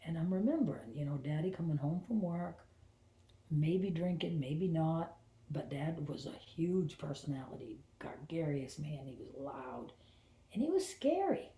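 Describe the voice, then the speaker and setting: A middle-aged woman hosting a spiritual talk, telling a personal story in an animated way and dropping into hushed whispers for her inner thoughts. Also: low-pitched, a little slow. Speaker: host and spiritual channeler. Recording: roomy echo.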